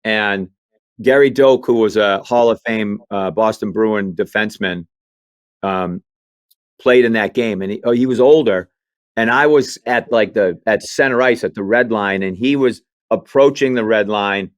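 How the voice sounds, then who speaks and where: A comedian from Maine telling animated stories in an interview, acting out other people's voices as he goes. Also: fairly low pitch, a little slow, dry recording. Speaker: comedian guest. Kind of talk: storytelling interview chat.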